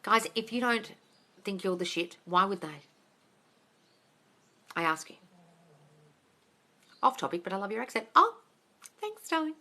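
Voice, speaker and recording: A woman's voice: medium pitch, sing-song, unhurried, long pauses, bright, forceful tone. A woman manifesting coach answering viewer questions on a live stream, blunt and swearing, calling listeners darling.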